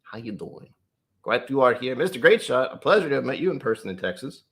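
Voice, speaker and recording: A man's voice: mid-range voice, very animated, quick pace, a bit bright. A man hosting a livestreamed whiskey tasting from home, chatting in a playful, self-mocking way and laughing easily. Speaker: host.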